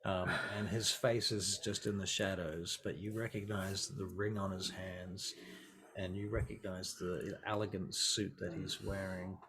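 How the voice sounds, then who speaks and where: Low-voiced man narrating as game master. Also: level tone, measured pace, a bit bright.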